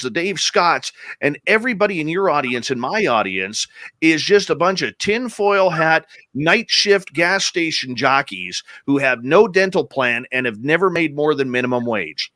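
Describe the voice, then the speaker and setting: A man's voice: a little high, dry recording. A man from Canada, a radio host, telling a story in casual chat and quoting the people in it. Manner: animated storyteller, quotes people in his tales.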